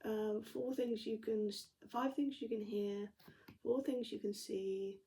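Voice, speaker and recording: A woman's voice: on the high side, fairly even intonation, unhurried, dark tone, a little hiss or hum, low-quality recording. An English woman chatting casually as a tarot reader, reassuring her viewers with lots of fillers and 'mate'. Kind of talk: casual tarot reading vlog.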